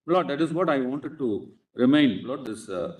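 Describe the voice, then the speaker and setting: A man's voice: mid-range voice, lively intonation, normal speed. A man with an Indian English accent arguing formally before a court bench, insistently addressing the judges as "Lord" in almost every phrase. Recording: echoey courtroom, speaker far from mic.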